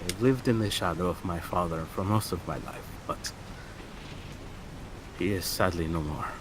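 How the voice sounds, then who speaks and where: A man voicing a weary nobleman who lives in his late father's shadow, speaking in a formal, measured, sorrowful way. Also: sits low, noisy background, natural voice. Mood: somber.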